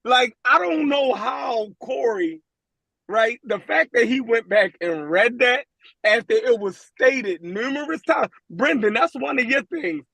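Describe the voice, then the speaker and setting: A man's voice: extremely high pitch, animated, a little slow, vocal fry, bright, forceful tone, breathy edge, dry recording. A man co-hosting a podcast, arguing his point in slangy, casual chat and asking "you dig" a lot. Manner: slangy, repeats "you dig what I'm saying". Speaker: podcast co-host. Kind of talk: heated casual debate.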